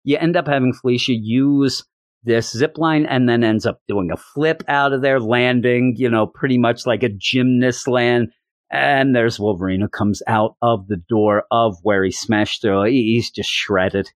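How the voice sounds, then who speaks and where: A man's voice: mid-range voice, no echo, clean studio sound. Rambling man retelling a story. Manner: rambling, repeats words, acts out the dialogue. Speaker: comic book reviewer. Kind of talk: casual enthusiastic retelling.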